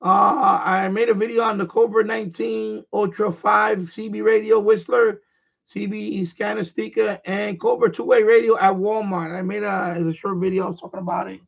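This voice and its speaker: A man's voice: sits high, fairly even intonation, normal speed, vocal fry. A man with a New York accent, chatting casually and bluntly on a live stream, rambling and repeating himself. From born in Puerto Rico, raised in the Bronx. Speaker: radio hobbyist live streamer. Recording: dull lo-fi stream audio.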